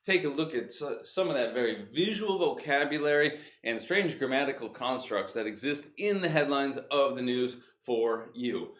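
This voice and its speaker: A man's voice: mid-range voice, moderate pace, hardly any pauses. A man hosting a casual, improvised English vocabulary lesson, explaining news headlines playfully and acting out words. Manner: playful, animated, acts out words. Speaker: English teacher and host. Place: home room. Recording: echoey room.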